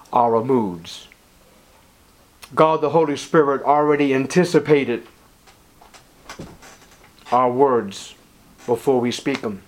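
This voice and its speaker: A middle-aged man preaching a sermon as pastor, with impassioned delivery, dramatic pauses and scripture read aloud. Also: medium pitch.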